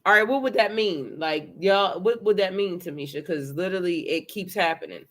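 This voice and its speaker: A tarot reader doing a casual live card reading, excitable and chatty, swearing freely and talking to viewers and a helper. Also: medium pitch, moderate pace. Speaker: tarot reader and spiritual coach.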